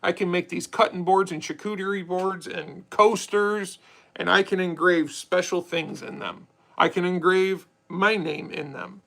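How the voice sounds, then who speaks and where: A man's voice: high-pitched, fairly even intonation, unhurried, vocal fry, sharp tone, rough recording. A young man hosting a casual live stream, chatty and swearing freely as he answers viewer questions. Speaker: livestream host.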